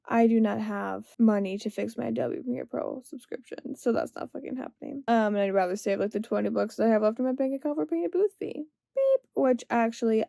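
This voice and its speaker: A woman's voice: a little high, creaky, dark tone, dry recording. A young woman vlogger ranting late at night, exasperated, rambling and swearing constantly.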